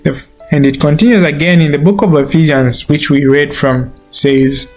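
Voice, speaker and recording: An earnest man teaches from the Bible in a voice set a little high. Soft guitar music plays quietly behind his steady devotional talk. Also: normal speed. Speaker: preacher.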